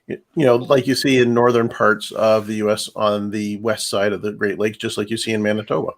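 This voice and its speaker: A man chatting as a guest on a casual live stream, dropping quick wisecracks. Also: lowish voice. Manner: wisecracking, quick deadpan jabs.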